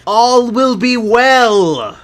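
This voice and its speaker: A man voicing a pompous village burgomaster in a tabletop game, bellowing his orders slowly and loudly, well above his own pitch. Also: animated, exaggerated voice. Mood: defiant. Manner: bellowing, drawn out and raised in pitch.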